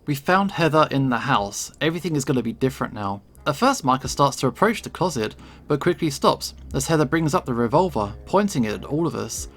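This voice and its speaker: A man's voice: medium pitch, lively intonation, brisk, fairly bright tone. A man reading a visual novel aloud in first person, with dramatic expression. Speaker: game reader.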